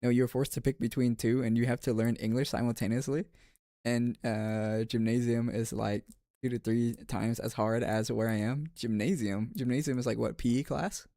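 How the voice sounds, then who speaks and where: Male streamer, casual chat, rambling restarts, mid-pitched voice, dry close sound. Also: steady tone, moderate pace, gravelly, dark tone, no echo. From United States. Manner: rambling, with frequent restarts and fillers.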